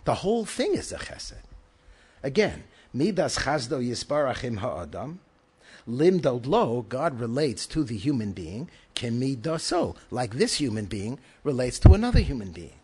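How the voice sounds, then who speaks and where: A man's voice: medium pitch, very animated, moderate pace, darkish tone, husky. A man, a rabbi, giving an emphatic Torah lecture, asking rhetorical questions and weaving in Hebrew and Yiddish terms.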